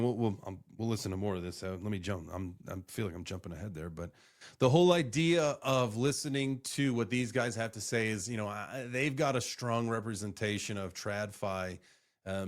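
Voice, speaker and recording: A man hosting a casual live crypto reaction stream, rambling and swearing as he reacts to clips. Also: fairly low pitch. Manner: rambling, profane, animated.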